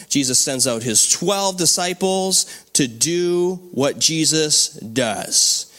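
A man preaching a sermon as pastor, animated and often asking the congregation for responses. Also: mid-range voice.

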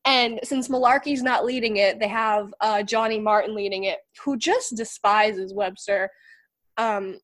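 A woman's voice: mid-range voice, fairly even intonation, unhurried, fairly bright tone. A woman in casual chat, retelling a TV episode with many fillers and swearing.

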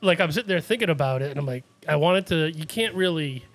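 A man's voice: on the high side, animated, quick pace. A man from Massachusetts hosting a casual podcast chat, telling rambling stories and laughing often. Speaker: podcast host.

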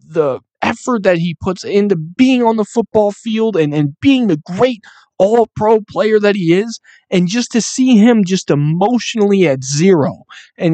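A man's voice: high voice, lively intonation, measured pace, dark tone, no echo. A young man, hosting a sports podcast and ranting angrily with lots of swearing. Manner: profane, angry ranting. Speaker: podcast host.

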